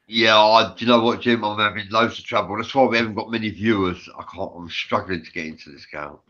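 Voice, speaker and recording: A man's voice: on the low side, fairly even intonation, fast, bright, forceful tone. English man on a dull lo-fi line. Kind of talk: casual chat. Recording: dull lo-fi audio.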